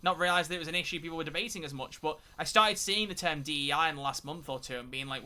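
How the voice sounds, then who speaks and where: A young man talks through a live gaming stream with a bright, forceful voice pitched a little high. He rants freely, swears often and restarts his sentences as he goes. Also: racing, few pauses. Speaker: game streamer.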